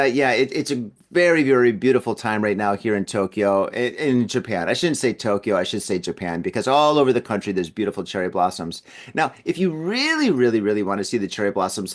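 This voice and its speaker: A man talks casually on his own podcast, chatty and easygoing. His voice sits at an ordinary middle pitch, and he breaks into laughter at his own remarks. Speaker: podcast host. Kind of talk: casual solo podcast chat. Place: at home in an apartment building.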